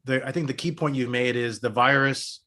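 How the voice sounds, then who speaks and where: An earnest man, maybe thirty-something or forty-something, making his case on a casual sports podcast. His pitch sits in a middle range, and he builds his arguments at length in an easy chat. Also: fairly even intonation, normal speed, sharp tone. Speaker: podcast co-host.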